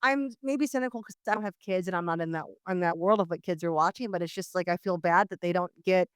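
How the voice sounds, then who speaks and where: A woman hosting a podcast in casual chat, animated and wry, full of "like" and "you know what I mean". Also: on the low side, fast talker, clean tone, dry recording, clean studio sound. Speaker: podcast host.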